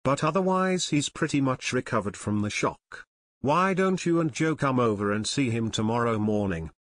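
A kindly mother , read by a man narrating a storybook, speaks in gentle, reassuring tones. The pitch is middling, and the sound is close and dry. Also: lively intonation, moderate pace, no room sound, natural voice.

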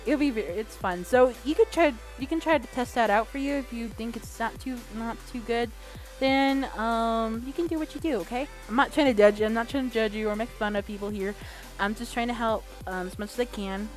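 A young woman talks casually to her gaming audience, rambling along with plenty of "um"s and quick self-corrections. Her voice sits at a middling pitch for a woman, and faint music plays underneath. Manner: rambling and chatty, with many fillers and self-corrections; swears casually. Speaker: gaming channel host. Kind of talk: casual vlog chat.

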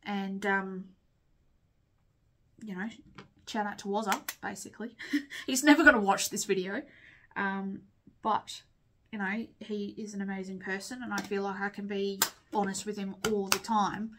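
A woman's voice: mid-range voice, fairly even intonation, a little slow, pauses often, a bit bright, a little hiss or hum. Young Aussie woman, candid rambling vlog chat over makeup, sniffly. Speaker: vlogger. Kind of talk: casual chat while doing makeup.

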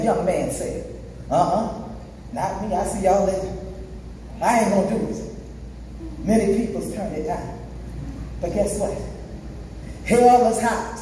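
A woman's voice: a little high, mellow, a little hiss or hum. A woman evangelist preaching a sermon, emphatic, half-singing phrases and calling out to the congregation. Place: church sanctuary. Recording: echoey church hall from far off.

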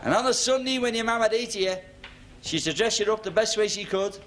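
Man, stand-up comic, high voice, club stage, noisy old TV recording under heavy laughter. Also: brisk. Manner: reminiscing storyteller, tag questions to the audience. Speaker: stand-up comedian. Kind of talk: stand-up routine. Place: working men's club stage.

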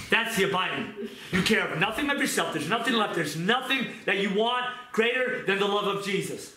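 A man preaching a fervent sermon, moving from pleading prayer to quieter scripture reading. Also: high-pitched, expressive, a little fast, few pauses. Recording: echoey room with noise.

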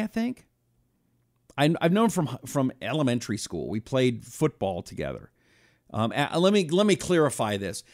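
A man's voice: mid-range voice, no echo. Guy hosting a live stream, reading off viewer names, blunt and loose, dry close mic. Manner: chatty, shout-outs to viewers, blunt asides. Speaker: host.

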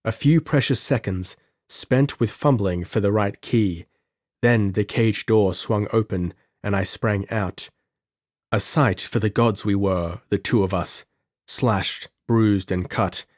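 A man narrating a pulp adventure story in an audiobook with measured, dramatic delivery. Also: fairly low pitch, darkish tone, dry recording, studio quality.

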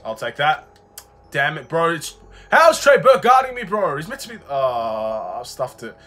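A young man from Australia giving live commentary on his basketball video game, excitable, swinging between low muttering and frustrated shouts. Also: measured pace, faint music behind. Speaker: gaming YouTuber.

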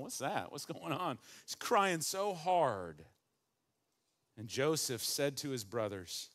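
A middle-aged man, a pastor preaching a sermon with animated swings from hushed to loud. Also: mid-range voice.

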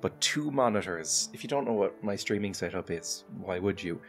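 Male streamer, low-pitched, rambling and self-mocking, game music clearly behind him. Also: lively intonation, normal speed. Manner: rambling, self-deprecating, chatty with frequent laughs. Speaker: gaming channel host. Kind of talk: casual let's-play commentary. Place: home streaming setup. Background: game music playing clearly.

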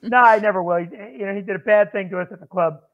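A man with a high voice tells animated stories about running a comedy club, acting out the people in them. He comes through a thin, phone-like line. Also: racing. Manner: animated storyteller acting out quotes. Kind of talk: casual storytelling on a podcast.

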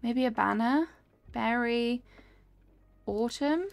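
Chatty woman streamer with gravelly fry. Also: a little high, slow, no room sound. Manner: chatty, reacts aloud to the game and reads chat. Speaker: game streamer. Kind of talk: casual live-stream chat while playing.

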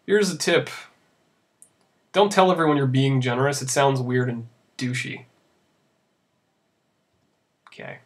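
Pausing often, a young let's play host with a medium-pitched voice speaks at normal speed over a visual novel, mocking it sarcastically. He rambles casually and laughs along.

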